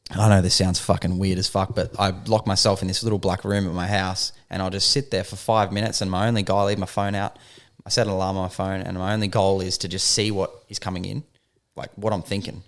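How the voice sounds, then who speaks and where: A man's voice: low voice, flat delivery, quick pace, hardly any pauses. A man co-hosting a podcast in casual chat, laid-back, swearing freely and using lots of fillers. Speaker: podcast co-host.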